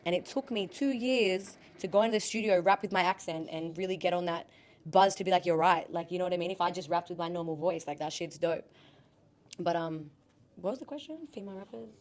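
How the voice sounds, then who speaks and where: A woman's voice: on the low side, brisk, a little mellow. A young Australian woman, a rapper guest on a podcast, chatting casually with lots of "like" and wandering off on tangents. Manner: chatty, heavy use of "like", goes off on tangents.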